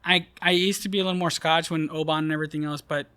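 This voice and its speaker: Bright, high-voiced man from Puerto Rico. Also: fast, smooth, no echo. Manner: animated, swearing, laughs easily. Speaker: master distiller, guest. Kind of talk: casual chat.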